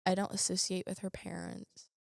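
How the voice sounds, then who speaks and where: Loud playful teen girl guest. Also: on the low side, level tone, normal speed, gravelly, no echo, studio quality. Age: teens. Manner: playful, loud, laughs often. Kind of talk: casual chat.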